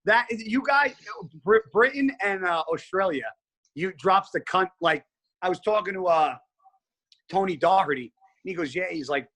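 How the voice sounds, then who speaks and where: Man, slightly high voice, animated casual storytelling, swears a lot. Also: moderate pace. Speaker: guest bodybuilder. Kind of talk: casual podcast chat.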